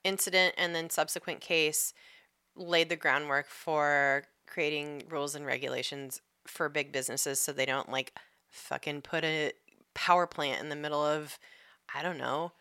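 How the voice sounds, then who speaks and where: A woman's voice: low voice, fairly even intonation, normal speed, sharp tone, smooth, dry recording, studio quality. A young woman co-hosting a podcast, blunt and emphatic, swearing often in casual chat. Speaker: podcast co-host.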